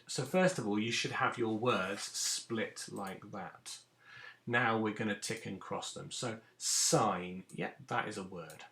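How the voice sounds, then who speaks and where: Recorded in an echoey room, a male primary school teacher takes it slowly as he patiently sounds out letters and words in a phonics lesson for young children. His voice sits on the low side with a sharp edge.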